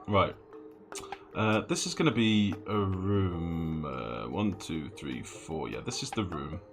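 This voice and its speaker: A man with a low, deep voice streams a game from home, thinking aloud and swearing casually as he plays. His delivery swings around lively. Clear game music runs under his voice. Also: takes it slowly. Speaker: gaming streamer. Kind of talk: casual live game commentary.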